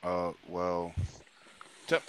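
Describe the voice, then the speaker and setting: A man's voice: low-pitched, completely flat delivery, extremely slow, background noise. A man on a gaming podcast panel, speaking hesitantly. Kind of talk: casual panel chat.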